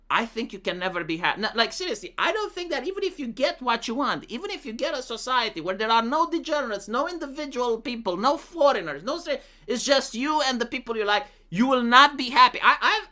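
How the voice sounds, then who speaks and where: A man's voice: very high voice, bright, forceful tone. A man from Romania with a Romanian accent, talking casually through comments on his channel and reading some aloud in a mocking voice. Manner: talks with many "like" fillers, reads comments out in a mocking voice. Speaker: commentary YouTuber.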